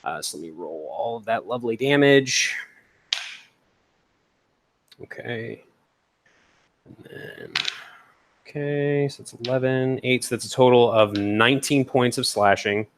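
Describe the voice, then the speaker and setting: A man playing a tabletop game, describing his character's attacks with fillers and excited reactions. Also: mid-range voice. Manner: animated, pauses with fillers while rolling. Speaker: player.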